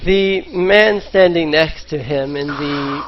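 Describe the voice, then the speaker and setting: A man's voice: fairly high pitch, slow pace, a little hiss or hum. A man narrating as game master of a tabletop game, hesitant and full of ums. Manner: hesitant, lots of ums and restarts. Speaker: dungeon master. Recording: slightly muffled voice chat.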